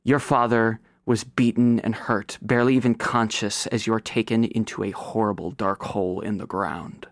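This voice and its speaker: A man's voice: fairly low pitch, little pitch movement, moderate pace, few pauses, no room sound, studio quality. A man running a tabletop game, narrating the scene dramatically for the players. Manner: dramatic storytelling, dropping to whispers. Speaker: game master.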